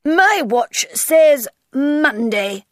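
Storybook reading: woman doing a rude, whimsical hatter, drawn-out bossy delivery, lively swoops. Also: sits high, no room sound, clean studio sound, voice pushed up, exaggerated voice.

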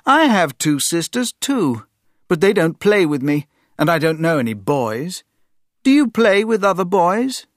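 A man's voice: high-pitched, a little slow, no room sound, studio quality, pitched above the performer's own voice. A man voicing a proud young boy prince who gives orders and talks eagerly, in a storybook reading. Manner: orders loudly, lively and eager.

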